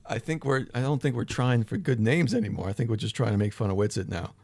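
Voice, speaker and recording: A man's voice: medium pitch, fast talker, gravelly, a little mellow, no echo. A tired man hosting a livestream, chatting casually with his chat, rambling and swearing now and then. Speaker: livestream host. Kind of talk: casual chat reading live chat.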